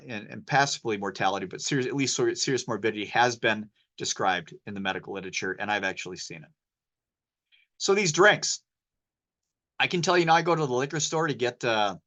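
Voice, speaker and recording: In a bright, forceful voice at a mid-range pitch, a man gives an informal medical lecture with the practical tone of a poison-control specialist. Rather than reading slides, he speaks casually, wanders into anecdotes, and sprinkles in slang.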